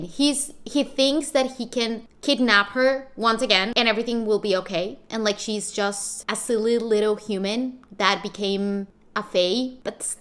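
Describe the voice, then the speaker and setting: A chatty young woman with a slightly high voice talks to her camera from her bedroom. She gushes and rambles in a casual vlog, piling on fillers as she goes. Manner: gushing, excitable, chatty with many fillers. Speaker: vlogger.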